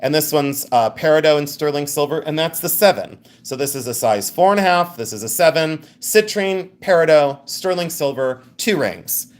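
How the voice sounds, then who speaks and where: A man's voice: a little high, lively intonation, moderate pace, few pauses. A man hosting a live jewelry sale, chatting casually, joking and laughing as he describes rings and pendants with enthusiasm. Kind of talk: live sales stream chat.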